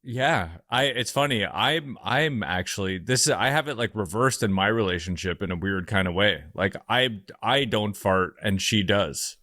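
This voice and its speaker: A man's voice: on the low side, animated, normal speed, few pauses, pushed and bright, no echo, clean studio sound. A man co-hosting a casual podcast, chatting in an easygoing, reflective way. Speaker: podcast co-host.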